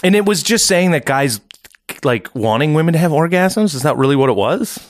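A man hosting a podcast in casual chat, laughing often and dropping low and quiet when he gets serious. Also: animated, fairly quick. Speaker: podcast host.

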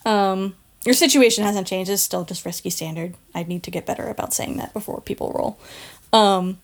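A woman with a medium-pitched voice runs a tabletop game as game master, narrating with frequent laughs and halting fillers.

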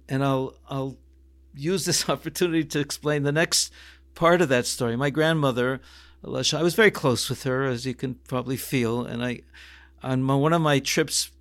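A man's voice: mid-range voice, steady tone, normal speed, a bit bright. A man in his sixties, a rabbi, telling a personal family story reflectively in an interview, restarting sentences and quoting Hebrew phrases.

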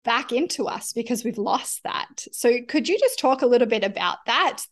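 A woman's voice: on the high side, lively intonation, normal speed. A woman interviewing a guest, thinking aloud with hesitant, searching phrasing. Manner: searching, hesitant, laughs easily. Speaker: interviewer, host. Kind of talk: conversational interview.

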